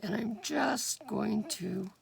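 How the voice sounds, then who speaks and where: A woman gives a casual, step-by-step junk journal demonstration at her table, speaking in a gruff, mid-range morning voice. Unhurried, she thinks aloud with fillers and drops into whispers as she works. Crowd noise and the clicking of craft tools sit in a clear background.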